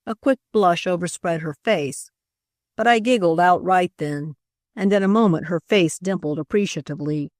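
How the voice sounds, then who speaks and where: A woman narrating an audiobook in the first person, expressive and wry, on a close studio mic. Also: on the low side, moderate pace, dry recording.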